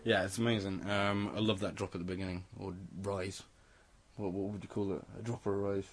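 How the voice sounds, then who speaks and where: A young male radio host with a slightly low voice talks casually about electronic music with real enthusiasm. He gushes about the tracks he loves and laughs easily with his co-host. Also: flat delivery, a little fast. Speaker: radio presenter.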